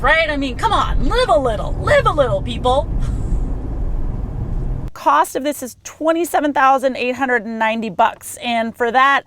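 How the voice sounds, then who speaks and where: A woman hosting a car review, talking casually and playfully from inside the car. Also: high voice. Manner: chatty, playful, upbeat.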